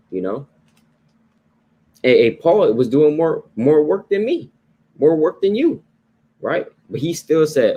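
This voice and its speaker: A slightly high, husky, mellow male voice moves slowly in a sing-song way, pausing often. He teaches the Bible like a relaxed sermon, restating ideas and checking in with "right?" and "you know."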